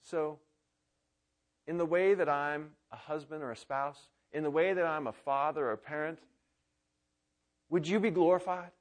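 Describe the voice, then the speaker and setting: A man in his thirties preaching a sermon as pastor, swinging from loud exclamations to quiet prayer. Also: a little high, steady tone, normal speed, pauses often.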